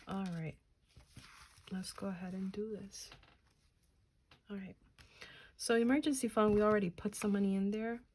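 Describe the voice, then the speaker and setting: A woman's voice: mid-range voice, steady tone, normal speed, pauses often, darkish tone, slight background noise. A woman in her thirties from New Jersey, chatting casually while counting cash aloud and muttering to herself. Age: 30s. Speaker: budgeting channel host.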